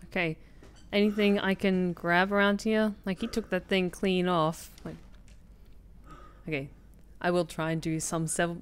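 Brief: woman streamer at her desk, low-pitched, chatty and foul-mouthed, reacting aloud. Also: level tone, measured pace, smooth. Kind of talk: casual gaming commentary. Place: home desk with keyboard.

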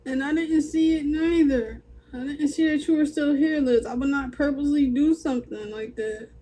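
A tearful woman in her thirties pleads and apologizes on a casual livestream. Her voice sits high but sounds dark and mellow in tone. A faint hiss runs underneath. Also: steady tone, normal speed, low-quality recording. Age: 30s. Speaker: livestream co-host.

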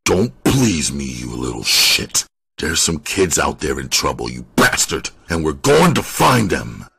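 A man reading an audiobook, voicing a volatile, threatening male police detective in a husky voice. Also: sing-song, measured pace, fairly bright tone, no echo, clean studio sound, full character voice. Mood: angry. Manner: low threatening tone bursting into rage.

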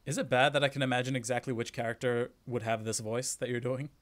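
A man's voice: medium pitch, little pitch movement, quick pace. A man casually commentating a game stream, joking and reading the on-screen text aloud. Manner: joking, reads place names aloud. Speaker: let's play streamer.

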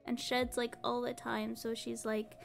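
Sleepy and drawn-out, this woman streamer's casual chat drifts off between thoughts, broken by soft laughs. She speaks in a fairly high, creaky voice with a level tone, faint music playing behind her.

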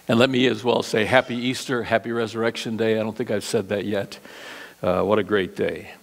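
A male pastor preaching an Easter sermon, telling a story with lively delivery and playful acted-out voices. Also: lowish voice, fairly quick, creaky. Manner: animated storyteller, acts out voices. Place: church sanctuary.

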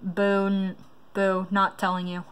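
A woman's voice: mid-range voice, completely flat delivery, slow, smooth. A woman vlogger in casual commentary, reading quiz questions aloud and rambling through her reactions.

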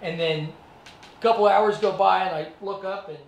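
A man's voice: high-pitched, steady tone, normal speed, gravelly, slight background noise. Man telling a dramatic story, echoey room. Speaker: actor and martial artist giving a presentation. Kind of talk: motivational storytelling to students. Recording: echoey room, distant mic.

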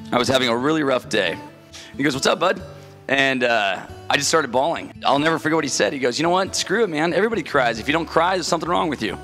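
A young man delivers an earnest best man speech with gentle jokes. His voice is bright and forceful, with soft music playing in the background. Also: mid-range voice. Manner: earnest, lightly joking. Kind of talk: wedding speech.

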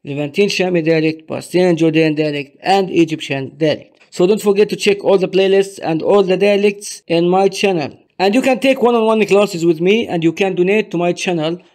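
A man teaching Arabic to English speakers, saying each word slowly and explaining it one by one. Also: high voice, a little mellow. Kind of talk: language lesson for learners.

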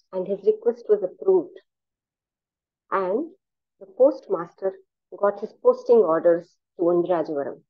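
A woman telling a story aloud in a measured, expressive way with dramatic pauses, over a video call. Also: mid-range voice, dry recording, dull audio. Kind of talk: oral storytelling narration.

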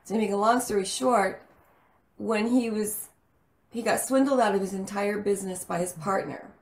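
A woman from El Paso telling stories about her childhood in a casual interview, chatty and animated. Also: mid-range voice, moderate pace, roomy sound. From El Paso, Texas. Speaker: actress guest.

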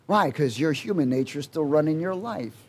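Male preacher, high pitch, call-and-response sermon, loud exhortation and soft asides. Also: animated, moderate pace, slightly rough. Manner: swings between loud exhortation and quiet asides.

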